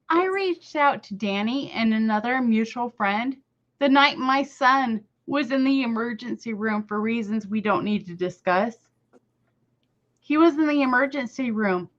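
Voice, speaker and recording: A weary woman talks through her anger in a heated, cursing rush. Her voice sits a little high and comes over a dull, lo-fi remote line. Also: fairly bright tone. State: tired. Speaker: guest on a live commentary stream. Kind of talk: emotional casual chat.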